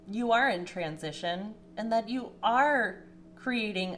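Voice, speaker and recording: Her voice a bit bright and her pace slow, a woman gives an emotional, casual tarot reading with slight background noise. She's chatty with many fillers and occasionally teary, her pitch rising.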